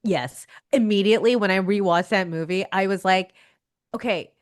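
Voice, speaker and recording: A woman in her thirties talks as a guest on a casual podcast. Her voice sits at a middle pitch. She is animated, laughs a lot, and often breaks into quick acted-out reactions. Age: 30s. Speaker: comic artist guest. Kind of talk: casual interview chat.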